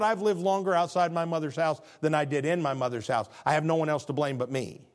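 An animated man preaches as pastor at a moderate pace, keeping his sermon conversational while alternating between soft, low moments and loud, high bursts.

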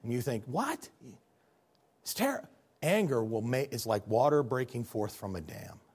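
A man preaching a sermon as pastor, telling stories with animated swings between loud bursts and quiet, low passages. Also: moderate pace, husky.

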